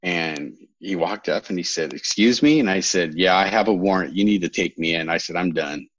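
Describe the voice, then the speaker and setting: A man's voice: low voice, fairly even intonation, fairly quick, fairly bright tone, dry recording, muffled recording. A man in his thirties from California, a podcast guest telling his own story in a candid, rambling way, often correcting himself with a wry humor.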